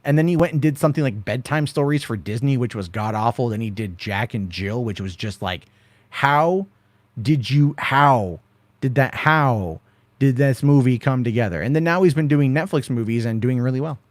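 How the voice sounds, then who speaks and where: A man's voice: mid-range voice, normal speed, no echo. A man hosting a casual late-night stream and answering viewer questions one after another. His talk rambles and swears freely, with lots of filler as he moves through the list. The voice sits in an ordinary middle range and is recorded dry and close, with no room sound. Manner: rambling, profane, reads viewer questions aloud. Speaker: host answering chat questions. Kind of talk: casual live-stream chat.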